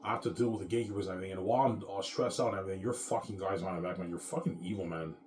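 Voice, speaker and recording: A man in his thirties rants to camera in a bitter, rambling and profane way. He talks very fast in a lowish voice. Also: steady tone, darkish tone, a little hiss or hum. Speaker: vlogger. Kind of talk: casual rant to camera.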